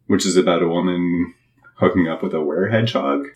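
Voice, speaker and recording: A man's voice: low voice, animated, a little fast, creaky, echoey room, background noise. A man co-hosting a podcast, teasing and joking in casual chat. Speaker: podcast co-host.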